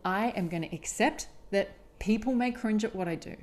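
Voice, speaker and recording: Speaking at normal speed with a medium-pitched voice, a woman runs her own solo podcast. She talks frankly and confessionally, with emphasis and plenty of swearing.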